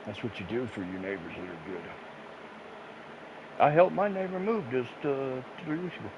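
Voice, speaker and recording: A man's voice: medium pitch, expressive, moderate pace. A man telling crude, rambling stories between bursts of laughter while he plays a game, swearing freely. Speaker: gaming streamer. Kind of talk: casual profane storytelling while gaming. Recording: muffled lo-fi with noisy background.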